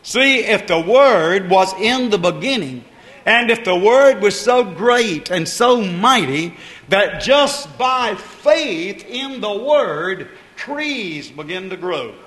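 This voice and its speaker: A man's voice: high voice, very animated, takes it slowly, bright, forceful tone. A man preaching a sermon, repeating phrases with rising emphasis and calling out to the congregation. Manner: calls out to the congregation. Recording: reverberant hall.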